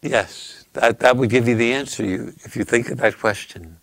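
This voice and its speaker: A man hosting a casual chat, telling riddles and stories in a slow, drawn-out, teasing way. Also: medium pitch, vocal fry. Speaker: host.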